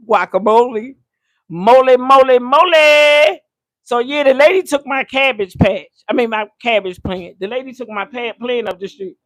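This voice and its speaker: Older woman, high voice, chatty kitchen livestream host, loose slangy storytelling, dry close sound. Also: normal speed, dry recording. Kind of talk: casual live-stream chat while cooking. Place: home kitchen.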